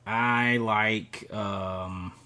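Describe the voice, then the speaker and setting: Bright-voiced chatty middle-aged man. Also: fairly low pitch, steady tone, extremely slow. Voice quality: rambling, restarts, chuckles often. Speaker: live stream host. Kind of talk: casual live chat, reading viewer comments.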